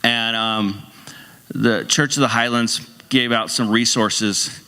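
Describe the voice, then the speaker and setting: A middle-aged man preaches in a loose, conversational way, often restarting his sentences and slipping in humorous asides. His voice is bright and forceful. The sound has the long reverb of a church hall. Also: mid-range voice, steady tone, slow pace, smooth. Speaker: pastor. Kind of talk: casual sermon. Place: church sanctuary.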